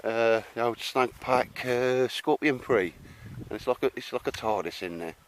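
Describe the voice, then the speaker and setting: A man's voice: medium pitch, normal speed, slight background noise. An older man chatting casually to camera at an outdoor campsite, rambling and laughing, calling everyone mate. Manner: matey, laughing, rambling with fillers. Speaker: vlogger. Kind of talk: casual chat.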